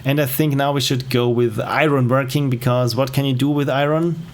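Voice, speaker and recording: A man giving relaxed, rambling gameplay commentary on a livestream, with self-deprecating asides. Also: mid-range voice, normal speed. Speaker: game streamer.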